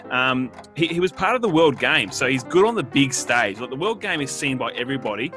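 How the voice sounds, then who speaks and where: A man making his case in a laid-back sports podcast debate, joking as he goes and filling gaps with ums and uhs. His voice sits at an ordinary pitch, and a clear music bed runs beneath it. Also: big pitch swings, brisk. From Australia. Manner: jokey, rambling with fillers. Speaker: podcast co-host.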